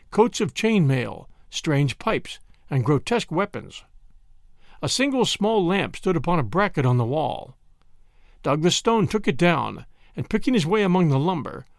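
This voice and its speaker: A man narrating a story aloud, reading in an expressive, dramatic way. His voice sits somewhat high with a very lively pitch, and the sound is dry and close to the mic. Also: vocal fry, no echo.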